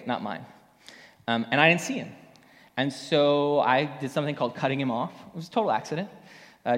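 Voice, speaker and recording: Pastor with a casual, rambling style in a reverberant hall. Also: male voice, medium pitch. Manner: conversational storytelling with many fillers. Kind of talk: sermon.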